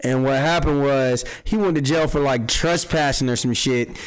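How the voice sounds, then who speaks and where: A man hosting a casual livestream, telling street gossip in an animated, profane style and acting out quotes. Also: medium pitch, moderate pace, clean tone, low-quality recording. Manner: animated storytelling, acts out quotes, swears freely. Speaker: podcast host.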